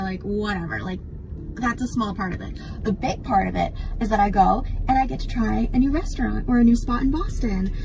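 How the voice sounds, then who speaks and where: A woman's voice: a little high, poor audio. A young woman chatting casually in a vlog, with lots of "like" fillers. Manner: chatty, filler-heavy with many likes.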